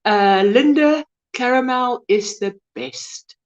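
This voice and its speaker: Slow chatty woman. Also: a little high. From South Africa. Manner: chatty, greets viewers and reads their comments aloud. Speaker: live-stream host. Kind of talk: casual live-stream chat. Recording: dull lo-fi stream audio.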